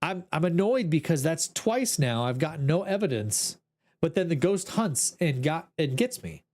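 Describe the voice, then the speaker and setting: A man's voice: a little high, sing-song, moderate pace, darkish tone. A man streaming a ghost-hunting game, talking to his chat in an exasperated, joking way. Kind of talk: casual gameplay commentary.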